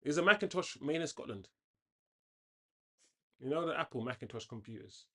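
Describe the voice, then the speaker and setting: A man hosting a casual football watchalong, chatting on tangents and reacting loudly to the play. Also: on the high side, animated, moderate pace. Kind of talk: casual live match commentary.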